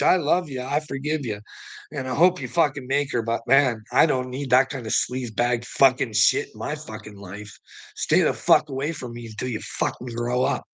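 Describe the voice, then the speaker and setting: A man with a gravelly, raspy voice, worn out and venting in a long monologue. He swears in nearly every sentence and trips over his own restarts as he goes. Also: mid-range voice, bright, forceful tone. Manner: profane, swears constantly; stammers and restarts. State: weary. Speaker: vlogger. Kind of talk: ranting monologue to the camera.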